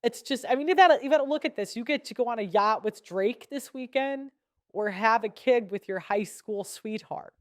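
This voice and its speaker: A woman's voice: on the high side, moderate pace, dry recording, studio quality. A young woman giving blunt, sarcastic commentary as a podcast host, laughing between points. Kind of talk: casual opinionated commentary.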